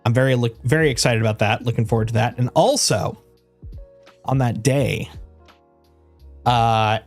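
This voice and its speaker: A man chatting casually on his game livestream. He rambles with restarts and laughs, and coos at his dog in doting baby talk. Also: mid-range voice. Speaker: game streamer.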